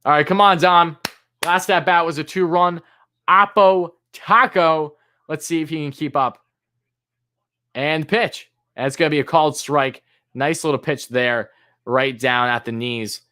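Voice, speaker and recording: A man hosting a live fan stream, calling pitches play-by-play and griping and swearing about the umpires in an exasperated voice that jumps high on big moments. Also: unhurried, bright, forceful tone. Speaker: fan commentator and stream host.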